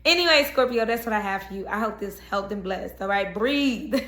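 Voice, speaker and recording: A woman's voice: mid-range voice, animated, normal speed, a bit bright, roomy sound. A young woman giving a casual tarot horoscope reading in a chatty, reassuring way, often checking in with "okay?". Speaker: tarot reader.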